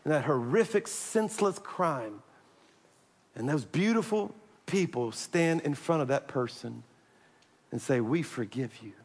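A man preaching a sermon, animated and joking, pressing his points hard and calling out to the congregation. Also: fairly high pitch, unhurried, long pauses, breathy edge, big-room sound. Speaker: pastor.

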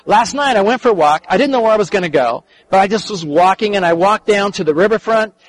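An older man preaching a sermon and telling a story, earnest, often repeating and restarting his phrases, dropping soft and quiet in the tender parts. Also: high-pitched, animated, quick pace, poor audio. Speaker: preacher and counselor.

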